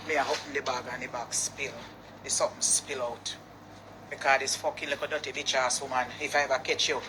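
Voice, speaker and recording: A woman's voice: rumbling low, noisy background. A woman with a Jamaican accent in an angry rant video, cursing and confrontational in patois. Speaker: business owner in a posted clip.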